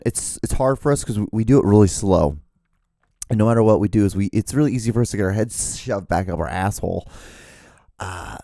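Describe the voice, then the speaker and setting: Male host, 30s, meandering self-deprecating monologue, warm low voice, dry recording. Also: no echo. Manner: meandering, profane, self-mocking, with many fillers and restarts. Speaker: podcast host. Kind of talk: rambling solo podcast monologue.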